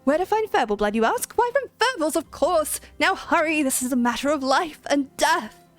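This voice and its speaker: A woman puts on a pompous game quest-giver who treats every errand as life or death. The voice rises high and carries loudly, with faint music in the background. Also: animated, normal speed. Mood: urgent. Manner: theatrical, urgent proclamations. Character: dramatic, bossy quest-giver.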